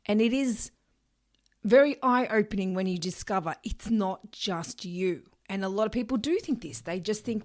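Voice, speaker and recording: A woman's voice: mid-range voice, moderate pace, darkish tone. Emphatic woman podcast host. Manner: emphatic, acts out quoted thoughts of others. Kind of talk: solo podcast talk.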